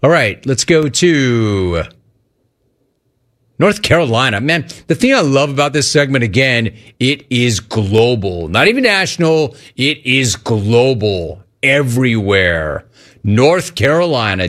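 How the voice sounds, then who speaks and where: A middle-aged man from Southern California hosting a sports talk radio show, animated and playfully ribbing his callers. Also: mid-range voice, measured pace.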